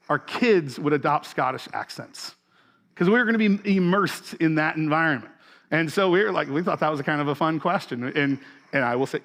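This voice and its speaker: Man, forties, pastor, sermon, conversational, fillers and restarts, higher voice.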